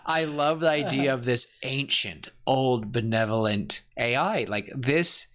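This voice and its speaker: A man co-hosting a podcast in casual chat, talking in an excited, rambling, gushing way. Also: medium pitch, measured pace. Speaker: podcast co-host.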